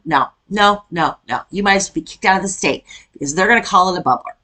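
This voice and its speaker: A woman's voice: fairly low pitch, fast, bright, forceful tone. A middle-aged woman from Iowa, chatting casually as she reacts to a video and rants with laughs. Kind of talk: casual chat reacting to a clip.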